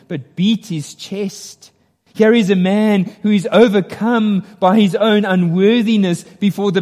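A man with a high voice delivers an earnest, emphatic sermon. His preaching builds in intensity, and the long reverb of a large hall trails after his words. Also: a little mellow.

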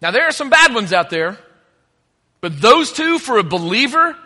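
A man's voice: very high-pitched, sing-song, normal speed, sharp tone, big-room sound. A man preaching a sermon as pastor, conversational and joking between points.

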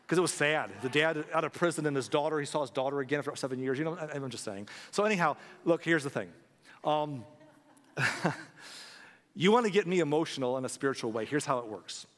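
A man's voice: mid-range voice, lively intonation, a little fast, fairly bright tone. A man preaching a sermon as pastor, making an earnest, pleading appeal to his congregation. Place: church sanctuary. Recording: long hall reverb.

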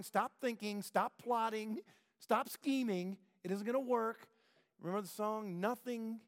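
A man preaches in a casual, storytelling way, putting questions to his listeners and slipping into quoted speech. His voice sits high for a man. Long reverb from a large hall trails each phrase. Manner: conversational, asks rhetorical questions, acts out quotes. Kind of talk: sermon.

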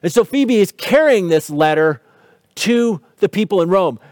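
A man's voice: sits high, lively intonation, moderate pace, a little mellow, dry recording, studio quality. A man preaching a sermon, explaining scripture in a teaching tone with light humor and rhetorical questions. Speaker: pastor.

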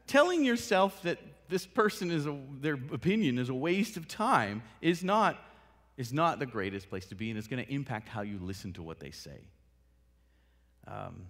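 Man, lively sing-song delivery, long hall reverb, casual teaching talk. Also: medium pitch. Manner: animated, acts out little dialogues with laughs. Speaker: workshop speaker. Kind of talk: casual talk on listening skills.

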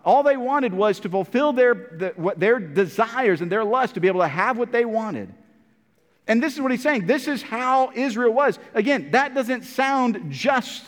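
High-voiced preacher in a reverberant church. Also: male voice, animated, normal speed. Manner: storytelling, conversational, repeats words. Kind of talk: sermon.

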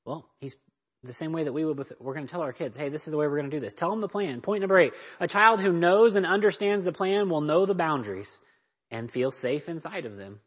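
A man with a somewhat high, husky voice talks briskly as he teaches a church parenting class. He speaks emphatically and keeps checking in with his listeners, asking "right?" and "okay?". The recording is dull and lo-fi.

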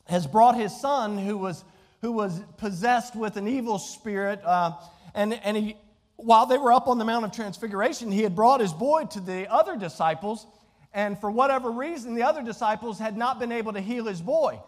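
A male pastor preaching in a church sanctuary, his voice sitting unusually high for a man. He calls out questions to the congregation as he retells the scripture story. The sound rings with a long reverb from the hall. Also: normal speed. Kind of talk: sermon.

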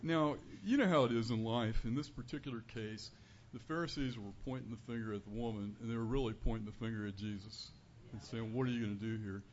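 A man giving an earnest, conversational sermon as a preacher in a church, building to louder emphasis on key points. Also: mid-range voice, steady tone, fairly quick. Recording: dull lo-fi recording with faint room noise.

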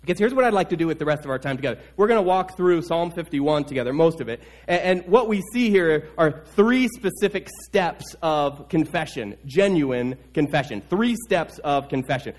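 A male pastor preaching a sermon, retelling a scripture story animatedly and repeating his key points. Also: a little high.

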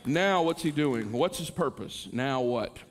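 A man's voice: medium pitch, animated, measured pace. A middle-aged male pastor preaching a sermon in an earnest manner, rising into impassioned pleas.

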